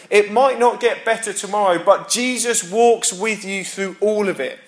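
A man preaching an Easter sermon as pastor, earnest and repetitive, dropping quiet for emphasis. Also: sits high, echoey room.

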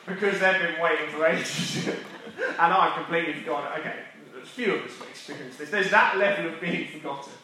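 A British man preaching a sermon, earnest with emphatic pauses and wry self-deprecating humor. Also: a little high, pushed and bright, roomy sound. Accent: British English.

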